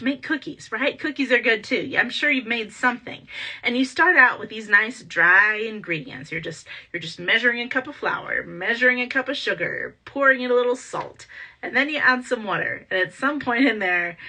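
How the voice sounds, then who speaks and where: A woman hosting a motivational talk, energetic and full of rhetorical questions. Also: on the high side, normal speed. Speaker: podcast host and entrepreneur coach.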